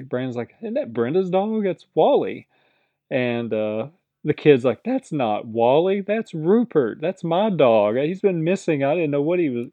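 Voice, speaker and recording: A man casually recapping a TV episode, rambling and quoting the characters in quick put-on voices. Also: medium pitch, dark tone, no room sound, muffled recording. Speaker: podcast host recapping a TV episode. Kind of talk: casual chat.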